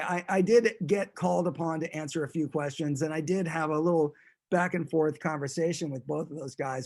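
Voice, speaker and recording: A man tells a story as a guest in a relaxed interview. He rambles with an amused air and often restarts his sentences. His voice sits a little high for a man.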